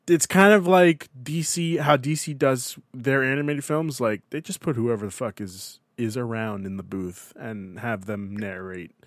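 A man's voice: medium pitch, a bit bright, dry recording, clean studio sound. A man hosting a casual podcast chat, loose and swearing freely. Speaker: podcast host.

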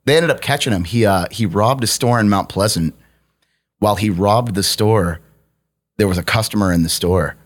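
A man's voice: on the low side, moderate pace. A man telling wild anecdotes in casual chat, swearing and laughing as he goes. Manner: profane, laughing, animated anecdotes. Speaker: podcast guest storyteller.

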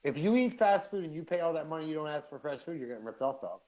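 A man co-hosting a live podcast, telling profane, animated stories in casual chat. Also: a little high, fast, highs cut off. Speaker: podcast co-host.

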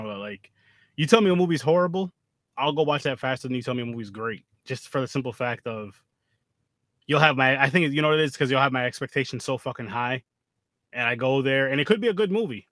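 A man's voice: mid-range voice, fairly bright tone, no echo. Male podcast host, loose and profane, rambling chat, dry close mic. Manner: rambling, swears a lot, laughs often. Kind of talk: casual chat.

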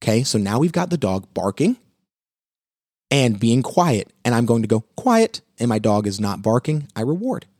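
A man hosting a live pet advice talk, walking viewers through dog training steps in an energetic, coaching way. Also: medium pitch, moderate pace, dry recording, clean studio sound.

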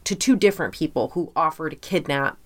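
A woman telling a true crime story to a co-host in casual podcast chat, lively and full of fillers, acting out people's words. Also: deep voice, brisk. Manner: lively, quotes people in voices, swears, filler-heavy.

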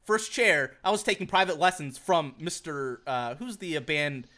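A young man from Virginia co-hosting a podcast, telling stories in an animated, profane, laugh-filled casual chat. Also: a little high, moderate pace. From Virginia, USA. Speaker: podcast co-host. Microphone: podcast mic on a group call.

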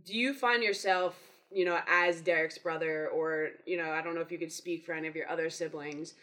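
A podcast host asks long, winding questions, hesitating often with "um" and "you know". The voice sits at a middling pitch, neither clearly high nor low. The delivery is a casual interview style. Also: fairly even intonation, brisk, a bit bright, rough recording.

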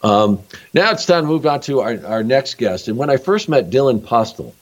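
A man's voice: mid-range voice, animated, moderate pace, muffled recording. A man hosting a podcast interview, talking in an easygoing, reflective way. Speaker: podcast host.

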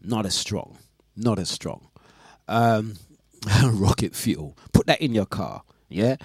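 A man's voice: fairly low pitch, animated, slow pace, a little mellow, breathy edge, no room sound. A man hosting a casual breakfast radio show, chatting, reading listener messages and laughing often. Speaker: radio DJ and host.

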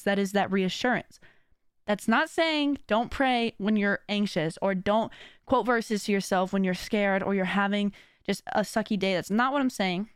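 A woman hosting a podcast, talking in a casual, animated and slangy way and laughing often. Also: on the high side, smooth, no echo, studio quality. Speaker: podcast host. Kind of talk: casual chat.

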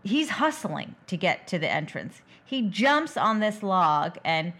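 A woman's voice: lowish voice, big pitch swings, takes it slowly, fairly bright tone. A woman co-hosting a podcast, recapping a movie's plot in a chatty way with casual restarts. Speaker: podcast co-host. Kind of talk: casual movie-review chat.

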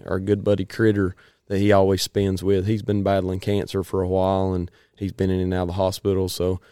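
A man talks through a casual chat in a rambling, folksy way, pausing often to clear his throat. His voice sits low and sounds smooth and resonant. The recording is dry and close. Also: completely flat delivery, warm tone, no echo.

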